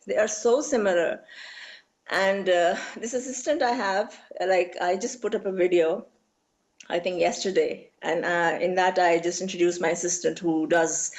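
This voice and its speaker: A woman's voice: fairly low pitch, fairly even intonation, a little slow. A woman in her forties from Pakistan with a Pakistani English accent, a guest telling stories in an interview, chatty and rambling with lots of "you know" and "like" fillers. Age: 40s. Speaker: interview guest, beauty influencer. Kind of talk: casual interview talk.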